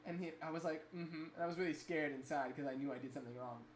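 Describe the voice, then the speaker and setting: A man's voice: on the high side, quick pace. A man on a livestream, telling a childhood story casually and animatedly, with many fillers. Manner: animated, rambling anecdote with fillers. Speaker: livestream co-host. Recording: echoey room with faint noise.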